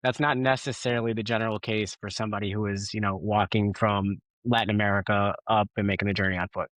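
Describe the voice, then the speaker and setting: Measured man explaining policy. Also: on the low side, fairly even intonation, a bit bright, no room sound. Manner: measured and explanatory, often checking with "right?". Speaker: guest, former immigration policy official. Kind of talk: interview answers.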